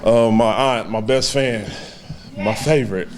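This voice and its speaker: A man in his twenties giving a heartfelt, halting acceptance speech to a banquet audience, with many fillers. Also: mid-range voice, noisy background. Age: 20s. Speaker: hall of fame inductee giving a speech.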